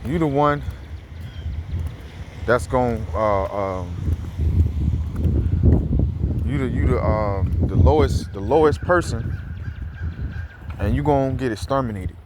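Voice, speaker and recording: Walking through a neighborhood outside, this man offers heated, offhand scripture commentary full of fillers, repeats, and free swearing. He speaks in a mid-range voice at a measured pace with long pauses, over background noise.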